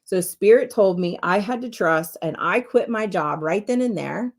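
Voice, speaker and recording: A woman's voice: medium pitch, expressive, moderate pace. A woman podcast host and medium telling a personal story in an earnest, candid, heartfelt way from her home office.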